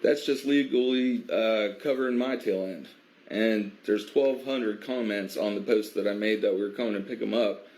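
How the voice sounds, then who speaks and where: A man from a biker advocacy group recounting an incident in a measured way, with many pauses and fillers. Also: on the low side, darkish tone. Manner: measured, filler-heavy, stops to restart. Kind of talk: recounting an incident, casual monologue.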